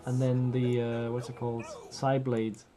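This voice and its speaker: A man casually commentating his own video game match, reacting with quick yelps and excited exclamations. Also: mid-range voice, over music. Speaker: gaming streamer.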